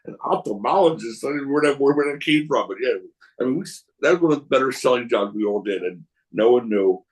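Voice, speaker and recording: This podcast guest, a wrestling promoter, speaks at a quick pace in a medium-pitched voice while telling casual stories. He rambles with frequent restarts and animatedly acts out the voices of people in his anecdotes, all on poor audio.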